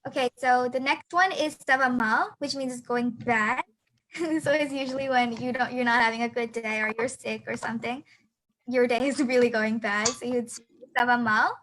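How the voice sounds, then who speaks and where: A woman's voice: fairly high pitch, moderate pace, a bit bright, slight background noise, rough recording. A teenage girl teaching a beginner lesson over a video call, hesitant with many fillers and restarts. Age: teens. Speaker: student teacher. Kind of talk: online class lesson.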